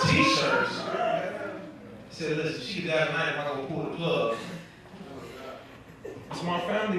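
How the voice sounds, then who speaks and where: A man doing a stand-up set in a comedy club, telling loose stories and acting out his family members. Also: fairly high pitch. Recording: echoey club from far off, noisy.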